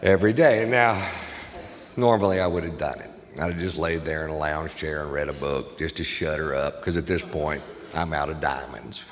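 A man doing a stand-up comedy set on stage, telling crude stories brashly and getting loud on the punchlines. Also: extremely low pitch, moderate pace. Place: stage in a large venue with a live audience. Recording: echoey hall with audience noise.

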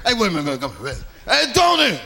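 Man doing a mob boss, loud, laughing, cursing, gravelly, high. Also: wildly swooping pitch, fairly quick, slight background noise, heavily acted. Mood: amused shouting. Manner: shouting, cursing, amused.

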